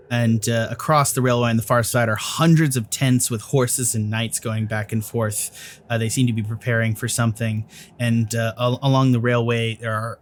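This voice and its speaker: A man's voice: medium pitch, a little hiss or hum. A man narrating a tabletop game as game master, casual, with fillers and swearing.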